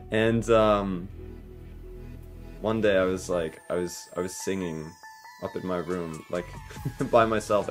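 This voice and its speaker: A man's voice: on the low side, fairly bright tone. A young man streaming, telling a story casually with frequent laughter and a self-conscious manner.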